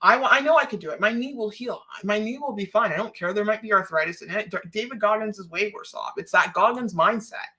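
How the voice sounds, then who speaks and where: A woman's voice: medium pitch, fast talker, few pauses, pushed and bright. A woman from Canada chatting on a live stream, emotional and close to tears, rambling and laughing often. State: emotional, holding back tears.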